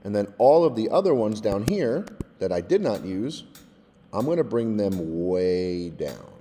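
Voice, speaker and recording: Casual male tutor, mellow voice, step-by-step software walkthrough, long reverb on the voice. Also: fairly low pitch, big pitch swings, unhurried, slight background noise. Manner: casual, explains step by step, often adds "all right?". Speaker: music technology teacher. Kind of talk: screen-recorded software tutorial.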